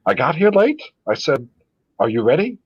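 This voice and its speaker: A man's voice: on the high side, sing-song, slightly rough, dry recording, dull audio. A man hosting a casual livestream, talking loosely and swearing often. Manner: loose, swearing, quick laughs. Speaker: livestream host. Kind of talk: casual profane chat.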